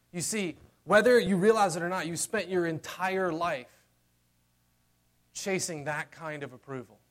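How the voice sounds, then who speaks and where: Man preaching with a slightly high voice. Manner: conversational preaching, dropping to a hushed tender voice for key lines. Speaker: pastor. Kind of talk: sermon.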